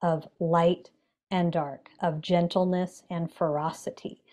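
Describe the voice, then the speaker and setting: A meditation teacher appears as a guest on a podcast, speaking in a measured, gentle, reflective way with pauses and fillers. Her voice is lowish, with little pitch movement.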